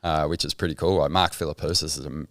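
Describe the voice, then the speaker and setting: Deep-voiced Australian man telling stories. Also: fast, gravelly, no room sound, clean studio sound. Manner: lively storyteller, acts out voices, swears freely. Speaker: guest, surf commentator. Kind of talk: casual interview chat.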